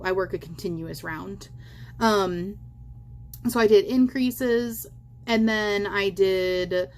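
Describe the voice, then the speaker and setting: A woman's voice: mid-range voice, slight background noise. A young woman chatting casually as she walks through a crochet project at home, with lots of fillers and self-corrections. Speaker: crochet vlogger. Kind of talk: casual how-to chat while crocheting.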